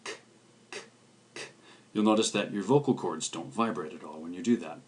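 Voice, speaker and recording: A man's voice: low voice, darkish tone, breathy edge. A man teaching a language lesson, carefully pronouncing syllables and repeating each one. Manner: slow, careful pronunciation of syllables with repetition. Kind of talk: scripted video lesson.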